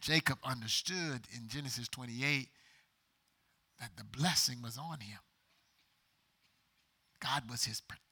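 A man preaching a sermon as pastor, dropping to whispers and building to loud climaxes. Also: mid-range voice, measured pace, pauses often, slightly rough.

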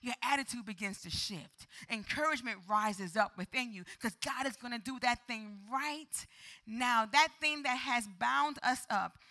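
Bright high-voiced woman preaching. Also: unhurried. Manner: call-and-response preaching, dramatic acted-out prayers. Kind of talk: sermon.

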